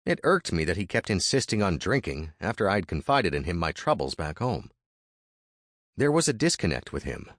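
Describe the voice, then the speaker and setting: A man narrating a frontier story in the first person, measured and expressive. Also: low voice, dry recording, clean studio sound.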